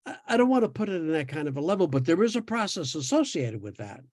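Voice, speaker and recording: An elderly man in his eighties, from New York, talks in a rather high voice. He tells long, winding stories with restarts and the odd laugh, recorded dry and close with no room sound. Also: big pitch swings, quick pace, darkish tone, dry recording. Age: 80s. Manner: rambling storyteller with restarts and laughs. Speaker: podcast guest sharing his experience. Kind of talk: casual conversation.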